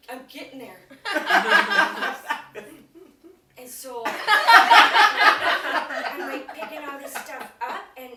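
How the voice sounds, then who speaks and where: A woman acts out a flustered Wisconsin woman on the witness stand, rambling on with giggles and bursts of laughter. Her voice sits fairly high and sounds very bright, and she drags her words out slowly. She is heard from a distance in an echoey room with faint noise behind her. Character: chatty flustered Wisconsin woman testifying in court. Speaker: comedic character monologue. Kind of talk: improvised comic monologue. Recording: roomy, off-mic with faint noise.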